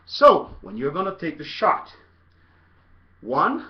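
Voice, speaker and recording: A man coaching soccer in a casual video tutorial, playful and animated, breaking into loud shouts. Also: a little high, takes it slowly, muffled recording.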